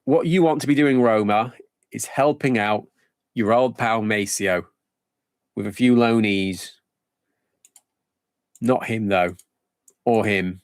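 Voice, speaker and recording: A man's voice: lowish voice, takes it slowly, pauses often, clear, resonant tone, no echo, clean studio sound. A man streaming a football management game live, thinking aloud in a rambling, casual way.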